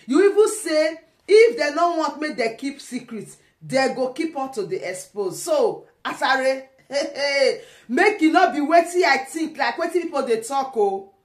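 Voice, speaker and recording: A woman's voice: high voice, lively intonation, normal speed, roomy sound. A woman with a Nigerian accent giving teasing, laughing commentary in casual pidgin.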